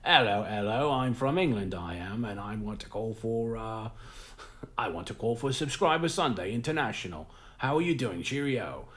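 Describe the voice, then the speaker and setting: A man putting on a hammy fake English accent, pitched up and louder than his usual voice. It is exaggerated on purpose and far from convincing. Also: big pitch swings, slow, heavily acted. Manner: exaggerated, over-the-top put-on accent.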